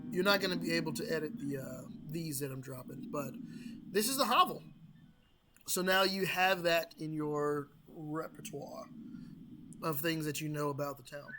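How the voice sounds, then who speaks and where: High-voiced guy game-mastering, rambly, self-correcting, music playing behind. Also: normal speed. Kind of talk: narrating a tabletop game.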